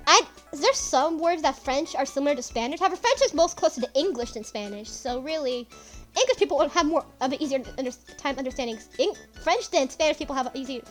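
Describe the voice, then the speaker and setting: A woman from Puerto Rico chatting casually and swearing freely while commenting on a game she plays. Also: sits high. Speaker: let's player.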